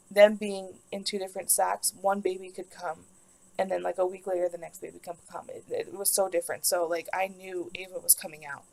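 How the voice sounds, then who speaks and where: Speaking in a low, creaky voice, a young woman rambles through a personal story on her vlog. She's emotional and says "like" again and again, and the recording quality is poor.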